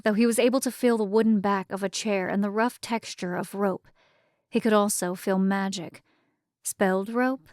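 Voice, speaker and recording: A woman reads a fantasy novel aloud in a measured, even way. Her voice sits at a middle pitch for a woman and is recorded close and dry, with no room sound. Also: no echo. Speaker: audiobook narrator. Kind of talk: scripted narration.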